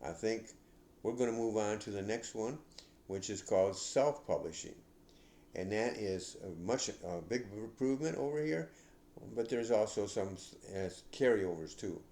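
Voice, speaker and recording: An older man hosting a podcast, giving casual advice in a rambling, halting way with many restarts. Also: lowish voice, mellow, reverberant, slight background noise. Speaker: podcast host.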